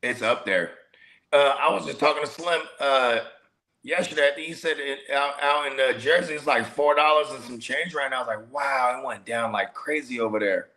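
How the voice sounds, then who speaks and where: A man co-hosting a loose, casual chat, with a gravelly edge under a bright, forward tone. He rambles through slangy stories and lets thoughts trail off midway. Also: mid-range voice, normal speed. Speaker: co-host.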